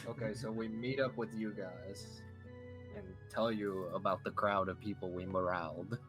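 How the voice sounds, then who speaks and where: A man at a tabletop game eagerly describes his character's actions. His voice sits a little low, with faint music underneath. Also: fairly even intonation, moderate pace. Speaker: player. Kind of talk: casual tabletop play.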